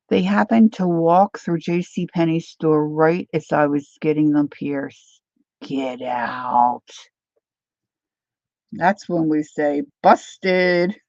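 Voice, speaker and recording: Slow-talking chatty woman painting on stream. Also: low voice, creaky, mellow, no room sound. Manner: chatty, greets viewers by name, laughs often. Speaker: artist livestreaming her painting. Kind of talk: casual chat while painting. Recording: slightly dull lo-fi sound.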